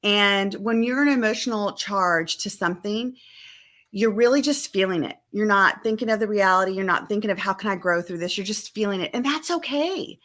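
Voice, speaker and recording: Bright, animated woman coaching families. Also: medium pitch, normal speed. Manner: animated, emphatic, acts out quoted family dialogue. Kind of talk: live-stream conversation.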